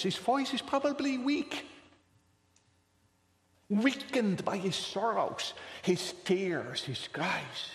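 A man's voice: high voice, sing-song, slow, gravelly. A man preaching a sermon with impassioned delivery, rising to calls and dropping to near whispers. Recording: echoey hall, long reverb.

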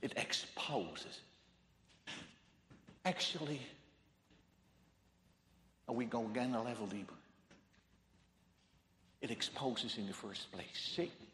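Emphatic preacher in an echoey hall. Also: male voice, mid-range voice, expressive, slow, long pauses, a little hiss or hum. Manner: emphatic, repetitive, swings from hushed to loud. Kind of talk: sermon. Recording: echoey hall with long reverb.

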